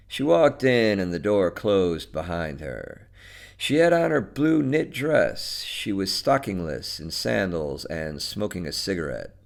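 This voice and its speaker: A man narrating a short story in a slow and expressive manner. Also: deep voice, creaky.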